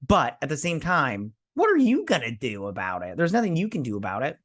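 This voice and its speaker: A man's voice: a little high, huge pitch swings, fairly quick, no room sound, clean studio sound. A man hosting a review show, recapping an episode in a loose, slangy way and voicing the characters' lines in passing. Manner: retells scenes by casually voicing characters' lines; loose and slangy, with many fillers.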